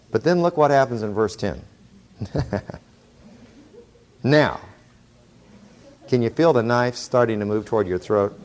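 A middle-aged man giving a lively sermon with humorous, sarcastic asides. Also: mid-range voice. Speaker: preacher.

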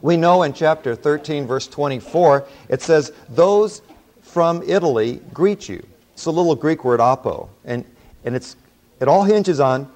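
A man teaching a Bible class, explaining a book and telling folksy stories in a relaxed, conversational way. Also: medium pitch. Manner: relaxed storytelling with folksy asides.

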